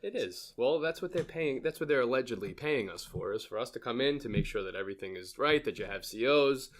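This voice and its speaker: A man's voice: mid-range voice, expressive, a little fast. A man with a nasal voice, an attorney guest giving easygoing, agreeable replies. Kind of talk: casual interview chat.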